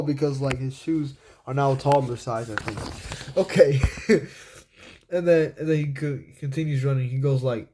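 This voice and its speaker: Casual man narrating his comic, slightly high voice, loose and rambling. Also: unhurried, mellow. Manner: rambling, repeats "and then" a lot. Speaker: comic creator. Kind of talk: casual storytelling walkthrough.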